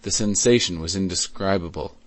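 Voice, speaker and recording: A man reading a classic novel aloud as an audiobook in a measured, even way. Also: sits low, no echo. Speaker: audiobook reader. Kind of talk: scripted narration.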